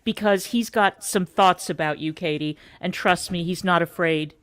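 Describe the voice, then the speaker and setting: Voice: medium pitch, normal speed, fairly bright tone, smooth. A guest on a stream, speaking assertively and with emphasis. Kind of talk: casual chat.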